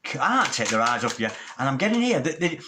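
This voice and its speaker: A man's voice: medium pitch, big pitch swings, fairly quick, background noise. Theatrical man reading tarot. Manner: theatrical, sing-song, calls listener darling. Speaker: tarot reader.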